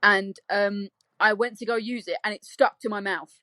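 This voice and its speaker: A woman's voice: mid-range voice, fairly even intonation, moderate pace, bright, forceful tone, no room sound. A young woman co-hosting a music review podcast, telling stories in laid-back, slangy casual chat. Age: young adult.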